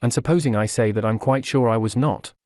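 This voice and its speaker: A man voicing a quick-witted young gentleman who speaks lightly and ironically. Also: medium pitch, no room sound, studio quality, natural voice. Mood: dry ironic.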